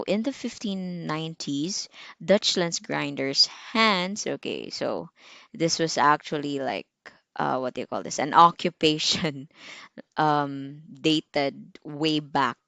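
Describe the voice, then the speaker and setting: A woman's voice: low voice, creaky, dry recording. A young woman teacher with a Filipino accent, giving a recorded lecture in a chatty way, full of fillers and asides, and quizzing her students as she goes. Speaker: medical technology teacher.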